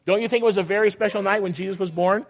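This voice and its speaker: A man's voice: sits high, steady tone, very fast. An older man leading a children's sermon, reading a picture book aloud and teasing the children playfully.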